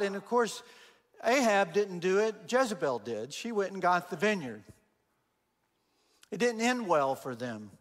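This high-pitched man delivers a sermon as a guest speaker, speaking a little slowly with long pauses while he animatedly tells stories and acts out the quoted words. A long reverb tail follows his voice.

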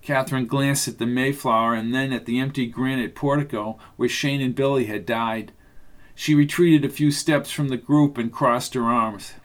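A man reading a novel aloud as narrator, in a steady, measured way. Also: medium pitch. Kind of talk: audiobook narration.

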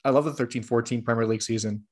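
A man's voice: medium pitch, steady tone, racing. A man co-hosting a sports podcast, teasing his co-host in a dry way. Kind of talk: casual sports podcast chat.

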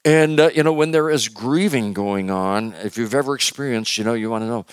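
A male pastor preaching a conversational sermon with joking asides, swinging from loud emphasis to hushed words. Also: medium pitch, a little fast, clean tone, no room sound.

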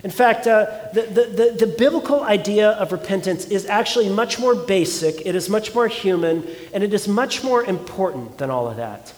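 A man's voice: high voice, lively intonation, moderate pace, hardly any pauses, big-room sound. A man preaching a sermon as pastor, earnest and conversational, often asking his congregation rhetorical questions.

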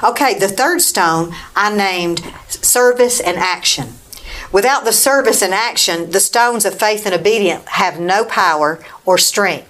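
Reading scripture aloud in a Bible teaching talk, a woman with a mid-range, fairly bright voice calls out "Amen?" to her listeners.

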